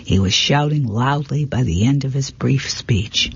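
A man narrating a first-person mystery novel in a steady reading voice, sometimes stumbling and correcting himself. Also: medium pitch, measured pace, husky, no echo, highs cut off. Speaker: audiobook reader.

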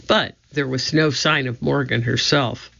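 An audiobook narrator reading a children's storybook in a slow, measured way, on a dull lo-fi recording. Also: mid-range voice, steady tone, gravelly, pushed and bright.

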